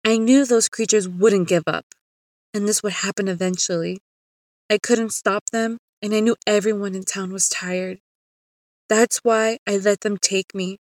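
A woman voicing the calm, tender spirit of a dead grandfather in a storybook tale, speaking softly and sadly. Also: medium pitch, unhurried, no echo, lightly acted. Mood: solemn. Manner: soft, sad, reassuring.

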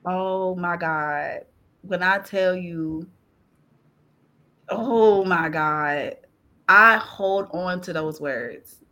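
A woman guest on a podcast, joining by video call, sharing an emotional faith testimony in animated, colloquial speech, laughing through tears. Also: on the low side, drawn-out words, long pauses.

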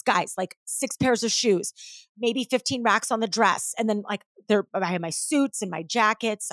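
A woman's voice: medium pitch, no echo, studio quality. A middle-aged woman hosting a podcast, talking casually and animatedly, full of "like"s and swearing, acting out other people's lines. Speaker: podcast host. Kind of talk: casual solo podcast monologue.

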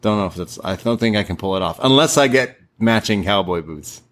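A young man co-hosting a casual podcast, recapping a show and putting on squeaky voices when he quotes people. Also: a little fast. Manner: animated, puts on squeaky voices when quoting wrestlers. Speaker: podcast co-host.

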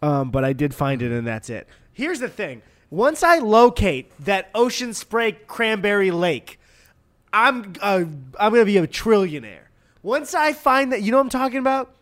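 A man's voice: high voice, big pitch swings, moderate pace, fairly bright tone, no echo. A young American man co-hosting a podcast, chatting casually and joking in a rambling way. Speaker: podcast co-host. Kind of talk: casual chat.

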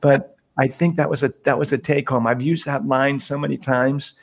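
He's a priest on a podcast, calling in from Guatemala and telling stories in a relaxed, chatty way punctuated by laughter. The voice is medium-pitched and steady with vocal fry, moving at a moderate pace.

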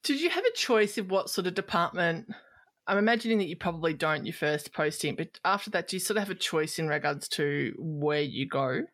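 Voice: mid-range voice, lively intonation, brisk, fairly bright tone, no echo, studio quality. An interview host asking curious, chatty follow-up questions in a casual conversation.

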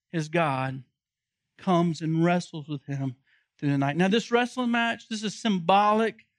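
Male pastor, high voice, dry close sound; emphatic sermon, urgent questions. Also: no room sound.

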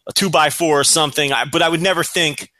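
A man's voice: on the high side, steady tone, quick pace, pushed and bright, no echo. A man co-hosting a podcast in a casual chat, teasing his partner with dry, wry humor. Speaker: podcast co-host.

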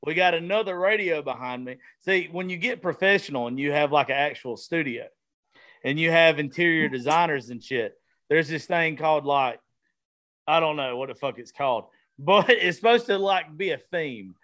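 A man with a Southern drawl talks casually and curses freely, pitched a touch high. He rambles loosely, like a host riffing with guests. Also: moderate pace, a bit bright. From American South. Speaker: podcast host, comedian. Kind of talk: casual profane chat. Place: studio room with vintage decor.

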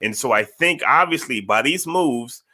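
A man's voice: medium pitch, expressive, moderate pace, pushed and bright, dry recording. A man hosting a casual sports podcast, talking to his chat viewers and repeating phrases for emphasis. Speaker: podcast host.

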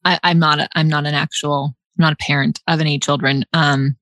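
Host type, young woman, slightly low pitch, dry close sound, chatty with lots of laughs. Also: flat delivery, fairly quick, fairly bright tone, dry recording. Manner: chatty, laughs often, many restarts and likes. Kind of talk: casual chat.

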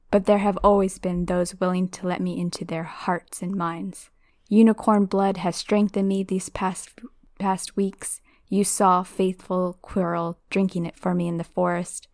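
A woman voicing a sinister disembodied male dark wizard in a hissing whispered role-play, reading a storybook aloud. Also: lowish voice, no echo, clean studio sound.

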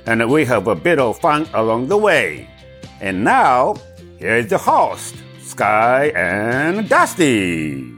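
Older man, Japanese accent, very slow, lively pitch, rehearsed announcer read, faint guitar music. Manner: slow, even, rehearsed delivery. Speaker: show announcer, the hosts' father.

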